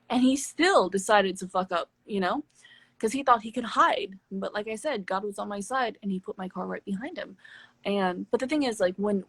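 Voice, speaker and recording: A woman with a husky, slightly breathy voice recounts a story on a live stream in casual chat. She talks candidly and swears freely. The sound is dry and close. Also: medium pitch, no room sound. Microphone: phone on a live stream.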